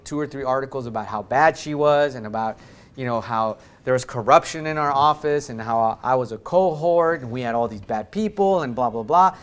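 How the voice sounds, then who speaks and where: A man's voice: medium pitch, clean tone. A man giving an earnest sermon in a church, emphatic, often restarting his sentences and ending in prayer. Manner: earnest, emphatic, with frequent restarts and swings in loudness. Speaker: lay preacher. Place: church sanctuary.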